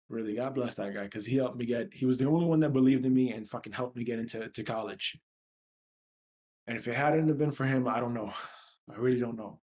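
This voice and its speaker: A man's voice: mid-range voice, a little mellow. A man in his thirties with a mid-range voice, speaking from New York in a raw, profane, emotional outpouring. He repeats lines for emphasis as he leads a tapping session. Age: 30s. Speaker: EFT tapping coach. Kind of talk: emotional personal monologue.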